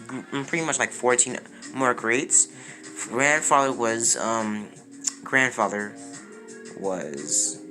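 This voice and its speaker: Rambling man over loud music. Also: mid-range voice. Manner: rambling, halting, often correcting himself mid-sentence. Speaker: fan what-if storyteller. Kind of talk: unscripted fan-fiction narration.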